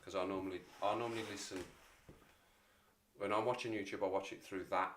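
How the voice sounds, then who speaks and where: A man's voice: sits low, fairly even intonation, fairly quick, background noise. A man in his forties hosting a casual livestream chat, rambling and self-deprecating as he talks to viewers. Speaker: livestream host.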